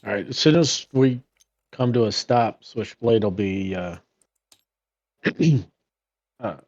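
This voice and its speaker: Slow, hesitant low-voiced male player. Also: darkish tone, lo-fi sound. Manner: hesitant, with many ums and uhs. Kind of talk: casual tabletop game talk.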